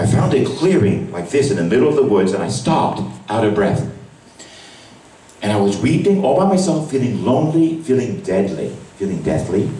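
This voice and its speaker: A priest with a lowish voice gives an emotional sermon as testimony at a retreat Mass in a large church, his voice swinging from a hush to cries. A far-off camera recorded it, so the church sounds echoey and distant.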